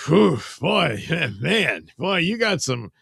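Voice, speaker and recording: A man's voice: fairly high pitch, big pitch swings, takes it slowly, creaky, a bit bright, breathy edge, dry recording, clean studio sound, voice pushed up, full character voice. A man playing an adult male con artist in a retold movie scene, talking in an offhand, sheepish way.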